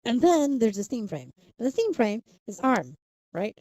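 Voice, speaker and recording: Young female streamer, casual and rambling with frequent giggles, slightly high and soft-toned voice. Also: sing-song, moderate pace, dry recording. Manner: rambling, self-interrupting, giggly. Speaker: livestreamer. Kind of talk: casual live stream chat.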